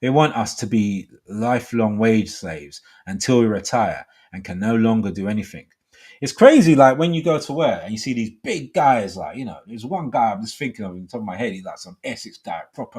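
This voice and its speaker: Husky middle-aged male call-in host. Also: medium pitch, sing-song, fairly quick, a little mellow. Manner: rambling, full of fillers and "you know". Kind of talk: live call-in talk show.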